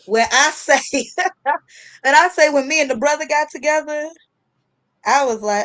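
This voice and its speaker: A woman hosts a casual talk show, her voice sitting a little high. She tells stories in an animated, slangy way and laughs often as she talks. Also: unhurried, pauses often. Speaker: host. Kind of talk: casual chat storytelling.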